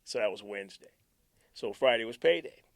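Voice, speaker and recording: Animated male radio storyteller, dry sound. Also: on the low side, fairly quick, gravelly, dry recording. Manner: animated storyteller, acts out quotes, drops to near-whisper. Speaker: radio DJ recalling station stories. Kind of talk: casual storytelling chat.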